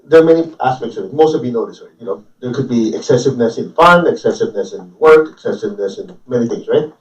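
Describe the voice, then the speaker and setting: A man's voice: medium pitch, expressive, fast talker. A man giving an informal, joking spiritual talk to a group, often checking in with the audience with questions. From Chinese family. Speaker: spiritual teacher. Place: room with a live audience. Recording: distant, roomy, dull live recording.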